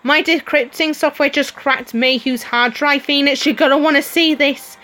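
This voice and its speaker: A woman's voice: high-pitched, steady tone, normal speed, sharp tone. A woman streamer reading a story game aloud, giggling and adding her own comments between the lines. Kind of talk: reading game dialogue aloud with playful voices.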